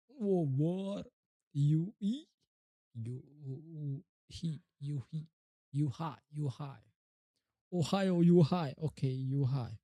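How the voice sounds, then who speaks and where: Slow, dark-voiced man drilling words. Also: medium pitch, no echo, low-quality recording. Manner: repeats single words over and over, muttering. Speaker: livestreamer practicing English pronunciation. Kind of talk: casual live practice, talking to himself.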